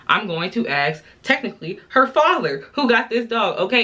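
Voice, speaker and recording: Slightly drunk, this twenty-something vlogger does her makeup and tells viewers a story in casual slang, sounding fed up. Her mid-range voice is very animated and forceful with a bright tone, moving at a normal speed with few pauses.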